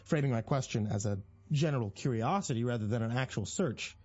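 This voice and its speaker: Man, first-person horror story narration, husky, dark mellow tone, tense measured delivery, lo-fi. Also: mid-range voice, no room sound.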